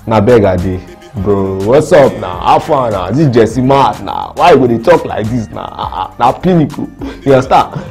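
A young Nigerian man with a Nigerian accent, reading out fan reactions in a lively, slangy casual chat. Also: mid-range voice, moderate pace, faint music behind. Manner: lively, mixes Pidgin slang, laughs a lot.

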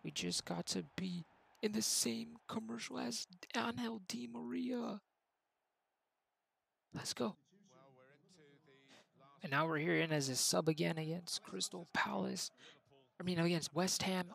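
A young man doing excitable mock play-by-play commentary over his football video game, then chatting about his match. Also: high voice, unhurried, vocal fry, long pauses, husky, poor audio. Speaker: gaming YouTuber. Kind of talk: gameplay commentary.

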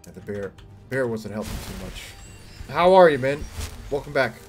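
A man streaming himself playing a game, reacting loudly and swearing at what happens on screen. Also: medium pitch, moderate pace, soft background music. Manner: excitable, swearing, shouting at the game. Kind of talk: live gameplay commentary.

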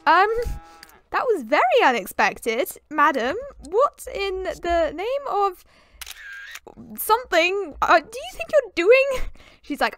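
A woman's voice: extremely high pitch, very animated, measured pace, a bit bright. A British woman giving chatty, rambling commentary on her life-sim game and talking to the characters. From Britain. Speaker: gameplay commentator.

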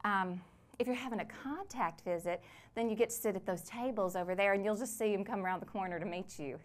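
Actress as a rambling mom in a prison waiting room, friendly, mid-pitched, scolding the kids between sentences. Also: female voice, fast, natural voice. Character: chatty weary mother of four, prisoner's wife. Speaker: stage actor in a one-woman play. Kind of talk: theatrical monologue.

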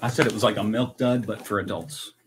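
An American man chatting casually and excitedly on a live stream while tasting snacks. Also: fairly low pitch, brisk, heavy background noise. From United States. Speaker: vlogger.

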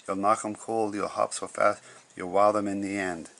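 A man's voice: lowish voice, flat delivery, moderate pace, gravelly, a bit bright. A man reading a storybook aloud, voicing a cheerful male frog who reassures his friend in an upbeat way. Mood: encouraging.

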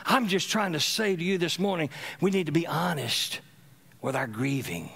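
A middle-aged man preaching a sermon as a pastor in a church, calling on the congregation to respond and swinging between loud exhortation and soft, low murmurs. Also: lively intonation, moderate pace, vocal fry, husky. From Louisiana, USA. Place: church sanctuary.

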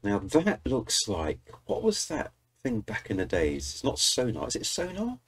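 A man's voice: mid-range voice, wildly swooping pitch, moderate pace, breathy edge. A British man hosting a music reaction video, chatting enthusiastically and talking straight to his viewers. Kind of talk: casual reaction commentary.

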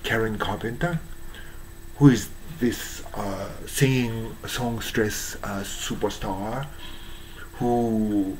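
A man with a Japanese accent, hoarse from strain, giving a halting monologue full of fillers and restarts. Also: fairly low pitch, steady tone, a little mellow, a little hiss or hum, poor audio. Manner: halting, many fillers and restarts, searching for English words. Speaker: YouTuber. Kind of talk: slow rambling monologue.

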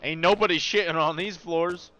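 A young man giving casual, profane commentary while playing a horror game, yelping and shouting when something startles him. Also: a little high, fairly even intonation, moderate pace, highs cut off, a little hiss or hum. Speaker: gaming video creator.

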